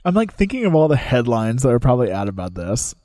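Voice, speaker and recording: A podcast co-host in casual chat, reacting with jokes and quick asides. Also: mid-range voice, sing-song, warm tone, no echo, studio quality.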